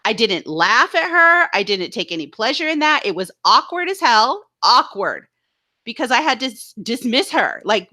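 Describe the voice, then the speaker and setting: Woman co-host, bright and a touch high, indignant and animated, casual live-stream chat. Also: normal speed. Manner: animated, indignant storytelling with mocking impressions.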